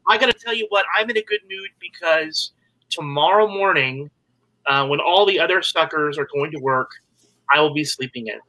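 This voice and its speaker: A man's voice: on the high side, moderate pace, sharp tone, rough recording. A man co-hosting a podcast, chatting in an upbeat way with many fillers. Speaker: podcast co-host. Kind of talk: casual chat.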